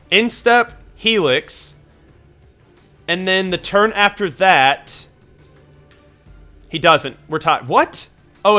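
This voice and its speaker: A man commentating his own card game match as he plays, thinking aloud, getting excited and swearing when frustrated. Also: a little high. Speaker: gameplay commentator. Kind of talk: live gameplay commentary.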